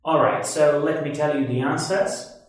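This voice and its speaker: A man teaching an English grammar lesson, explaining points carefully and reading example sentences slowly. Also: fairly high pitch, steady tone, distant mic. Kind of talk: slow classroom-style grammar lesson. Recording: very echoey room, voice away from the mic.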